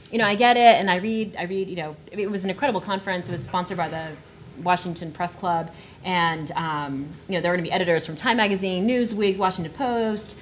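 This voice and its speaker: A woman in her thirties from South Texas tells a personal story to a panel audience. She is animated, laughs often, and acts out the voices she quotes. A faint hum of room ambience sits under her voice. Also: lowish voice. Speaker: panel guest writer. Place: auditorium panel discussion.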